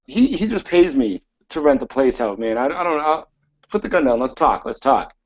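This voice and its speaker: A man voicing a hotheaded bar manager who shouts and then stammers nervously, in a tabletop game. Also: medium pitch, a little fast, dry recording, highs cut off, close to an everyday voice. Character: panicky loud male bar manager, hothead.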